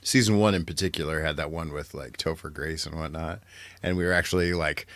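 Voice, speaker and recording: A man's voice: extremely low pitch, fairly even intonation, brisk, a bit bright, no room sound. A man co-hosting a casual podcast chat while sick, laughing often and agreeing easily. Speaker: podcast co-host.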